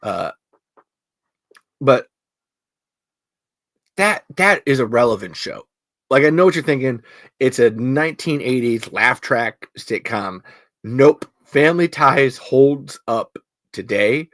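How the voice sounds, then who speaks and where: A man's voice: medium pitch, animated, slow, long pauses, a bit bright, dry recording. Rambling casual male podcast host. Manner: rambling, with lots of fillers, restarts and laughter. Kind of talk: casual chat.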